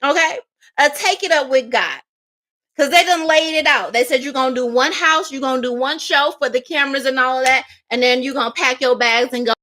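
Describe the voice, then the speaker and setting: A woman's voice: high-pitched, fairly quick, bright, forceful tone. A woman doing a livestream tarot reading, talking in a sassy, emphatic way with laughs and mocking asides. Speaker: psychic tarot reader.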